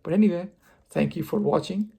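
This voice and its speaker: A man telling a personal story on his vlog, expressive and poking fun at himself. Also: sits high, brisk, creaky, slightly rough. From India. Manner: expressive, self-mocking storyteller. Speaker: vlogger.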